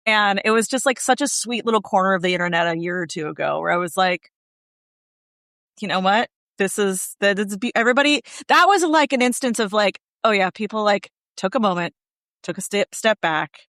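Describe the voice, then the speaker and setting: A woman's voice: mid-range voice, animated, fairly quick, a bit bright, no echo, studio quality. A woman guest on a podcast, talking candidly and animatedly in casual conversation and swearing freely.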